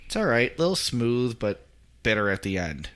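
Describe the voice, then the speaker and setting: Male co-host, dry and plain-spoken, with a bright voice. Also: medium pitch, sing-song, moderate pace. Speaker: podcast co-host. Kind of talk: casual chat.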